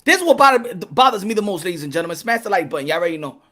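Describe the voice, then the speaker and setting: A man's voice: high-pitched, very animated, racing, pushed and bright. Rambling, profane male boxing streamer. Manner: profane, rambling, laughing, repeats himself. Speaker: boxing channel host. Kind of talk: casual livestream boxing commentary.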